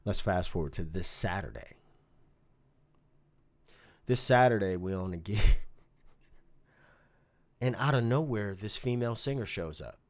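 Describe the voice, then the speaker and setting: A man telling a story from his gigs in a casual vlog, swinging from low muttering to loud outbursts. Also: unhurried, pauses often. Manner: animated, swings from muttering to shouting. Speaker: bass player telling a story.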